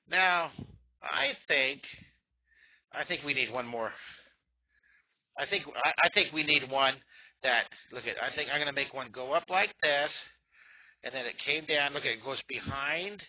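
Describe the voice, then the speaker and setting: A man's voice: a little high, moderate pace. A middle-aged man leading a drawing lesson for children, thinking aloud and cheering on his young viewers. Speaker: drawing teacher. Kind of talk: live drawing lesson for kids. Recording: dull lo-fi sound.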